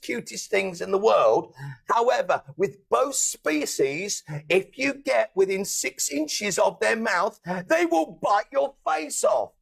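A man's voice: high-pitched, creaky, fairly bright tone. A British man hosting a casual chat, telling stories animatedly, swearing and laughing as he goes. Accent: British English. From England.

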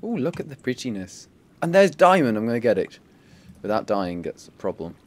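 A man chatting casually while playing a game, easily startled and quick to exclaim. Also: mid-range voice, very animated, darkish tone. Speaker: gamer. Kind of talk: casual let's-play chat. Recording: faint background noise.

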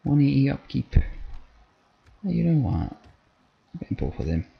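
A man's voice: medium pitch, big pitch swings, unhurried, creaky, breathy edge. A man with a Scottish accent doing let's play commentary, blunt, sweary and joking. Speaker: gaming channel host. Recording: slightly dull audio with faint game music.

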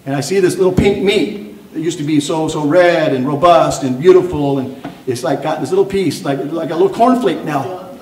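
A man's voice: a little high, normal speed, darkish tone. An older man, a tribal elder speaking on a panel, giving an earnest, pleading speech to an audience and stumbling over repeated words. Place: event hall after a screening. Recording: roomy hall, voice from off the mic.

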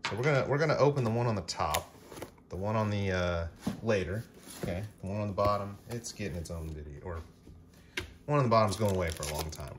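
Rambling low-voiced man unboxing cards. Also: fast talker. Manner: rambling, self-correcting, filler-heavy. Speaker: card-opening vlogger. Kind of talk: casual unboxing vlog. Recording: noisy with packaging crinkle. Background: crinkling packaging and clicks.

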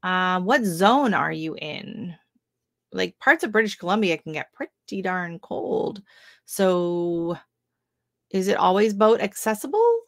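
A woman's voice: fairly low pitch, sing-song, takes it slowly, no echo, studio quality. A woman who grew up in Oregon, hosting a casual gardening live stream, chatting and reacting to viewer comments with many ums and exclamations. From Oregon, US West Coast. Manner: chatty, lots of ums and restarts, exclaims often. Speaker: gardening livestream host.

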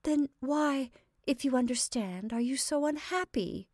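Woman voicing a young woman, high pleading voice, earnest and anxious, dry close sound, storybook reading. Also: expressive, moderate pace, darkish tone, no echo.

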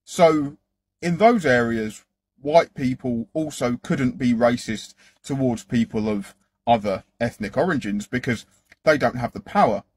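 A man's voice: medium pitch, a little slow, a little mellow, breathy edge. A man delivering a confrontational, lecturing monologue to camera.

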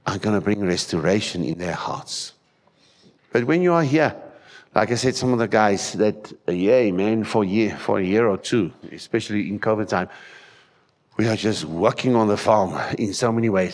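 A South African man, Afrikaans by birth, preaching from the pulpit with a somewhat low voice. He is emphatic and animated, firing rhetorical questions at the congregation as he goes. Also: moderate pace. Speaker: pastor. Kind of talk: sermon. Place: church hall.

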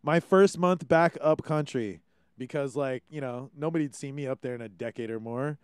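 A man's voice: medium pitch, moderate pace, clean tone, no room sound. Young Hawaiian male host, clean voice with a dry close sound, loose and profane. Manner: rambling, ranting, swears freely. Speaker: podcast host. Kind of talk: casual monologue.

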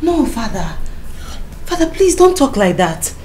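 A woman's voice: sits high, sing-song, a little slow, darkish tone, soft background music. A young woman with a Nigerian accent, playing a devoted daughter who speaks in a soothing, affectionate way in a film drama. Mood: tender. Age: young adult. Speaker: bride-to-be daughter.

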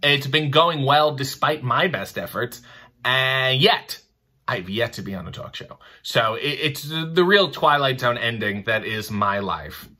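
A man answers viewer questions in a casual talk, his humor dry and mock-pompous. His voice is bright and forward at a mid pitch, with a theatrical lilt. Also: animated, a little slow. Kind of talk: casual chat.

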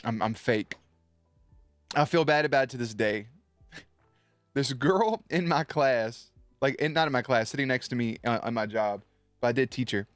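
A man's voice: mid-range voice, normal speed, long pauses, dry recording, soft background music. A man streaming live, chatting loosely and swearing as he tells a story to his viewers, with many restarts.

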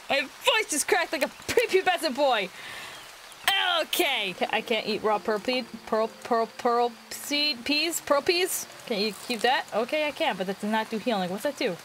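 A woman giving casual, excitable commentary while playing a video game, squealing at cute things. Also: sits high, unhurried, slight background noise. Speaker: gaming video host. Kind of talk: casual let's-play commentary. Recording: game music behind the voice. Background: game music.

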